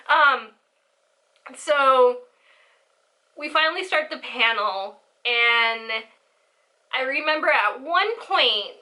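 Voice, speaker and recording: A young woman in her twenties tells a story with a high, bright voice. She rambles and giggles, and her telling is loose and animated. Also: slow, pauses often. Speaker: vlogger. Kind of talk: casual storytelling.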